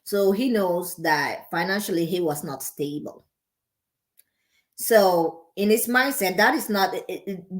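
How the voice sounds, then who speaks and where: A woman hosting a reaction video, giving sassy, emphatic casual commentary and laughing often. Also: medium pitch.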